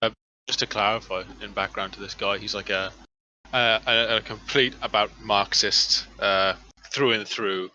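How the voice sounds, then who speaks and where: A man's voice: on the low side, steady tone, normal speed, bright, forceful tone, highs cut off. A man calling into a debate stream, speaking hesitantly with many fillers and restarts.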